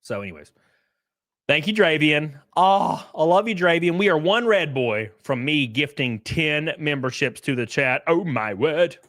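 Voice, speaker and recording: A young male streamer with a very lively, up-and-down delivery, talking in a loose, rambling way and swearing often. His mid-range voice sounds dry and close to the mic. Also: a little high, a little slow, dry recording. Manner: rambling and profane. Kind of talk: livestream commentary.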